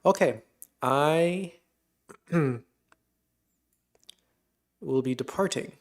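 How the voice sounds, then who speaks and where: A man's voice: on the high side, slow. A man on a live stream reacting casually to a video and memes, musing aloud and chuckling as he talks to himself.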